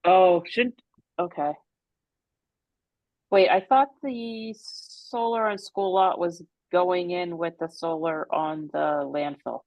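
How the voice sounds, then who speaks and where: A woman's voice: fairly low pitch, fairly even intonation, slow pace, darkish tone, no room sound, low-quality recording. A woman on a committee discussing budget items, conversational and thinking aloud. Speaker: committee member. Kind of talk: meeting discussion.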